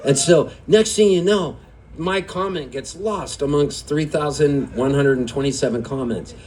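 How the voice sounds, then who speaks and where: A man's voice: a little high, normal speed, darkish tone, a little hiss or hum. A singer-songwriter telling a rambling, chatty story on stage at a live music venue, laughing often as he goes.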